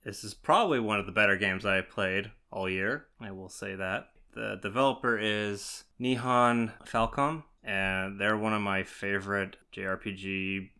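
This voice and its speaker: A man's voice: on the low side, fairly even intonation, unhurried, few pauses, sharp tone, smooth. A man co-hosting a gaming podcast, making dry quips and laughing along with his co-host. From Canada. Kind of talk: casual chat.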